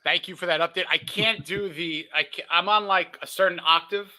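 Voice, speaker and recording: A man from New York co-hosting a casual sports podcast, excitable and joking at his own expense. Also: high voice, normal speed. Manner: excitable, self-deprecating banter. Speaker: podcast co-host.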